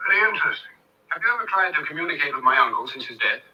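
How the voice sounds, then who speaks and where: A young estate heir, husky lively voice, old film. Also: male voice, a little high, racing, muffled recording. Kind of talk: 1930s film acting.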